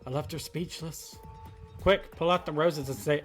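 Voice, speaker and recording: A man's voice: fairly high pitch, fairly even intonation, moderate pace. A man commenting casually on a video game as he plays, muttering reactions and cracking jokes. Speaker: gameplay commentator. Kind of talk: let's play commentary. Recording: game music underneath.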